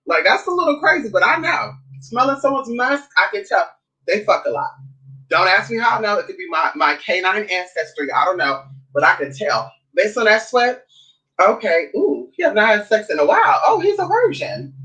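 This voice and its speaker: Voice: medium pitch, very animated, moderate pace, bright, forceful tone, poor audio. A vlogger talking in a sassy, blunt, casual way, swearing often and calling listeners honey and girl. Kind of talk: casual chat vlog.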